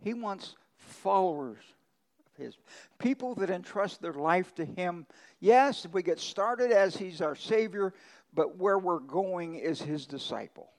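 A pastor delivers a conversational sermon, leaning on homespun ranch stories. His voice sits a little high for a man and carries a gravelly edge. He jumps up in pitch to stress a point, then drops low and quiet. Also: expressive, unhurried, low-quality recording. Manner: conversational preaching with folksy ranch stories, emphatic pitch swings.

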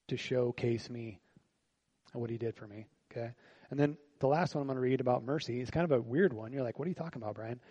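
A man preaching to his congregation in a relaxed, talky way, tossing out rhetorical questions as he goes. His voice is husky and warm, with a mid-range pitch. He drops to quiet reflection, then lifts into louder, lively stretches. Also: low-quality recording. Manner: shifts between quiet reflective lines and louder animated bursts. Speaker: pastor. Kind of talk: sermon. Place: church service.

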